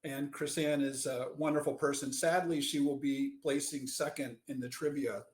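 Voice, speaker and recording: A man's voice: medium pitch, steady tone, moderate pace, darkish tone. A man hosting a casual video-call interview, easily moved and often laughing and teasing. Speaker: host and interviewer. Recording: roomy echo.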